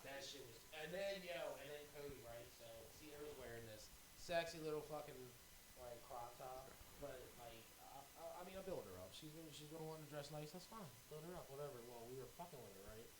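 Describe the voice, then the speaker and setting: A man's voice: medium pitch, brisk. A man co-hosting a podcast, telling profane stories full of acted quotes and laughing often. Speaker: podcast co-host. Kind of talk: casual chat. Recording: roomy echo with crowd noise.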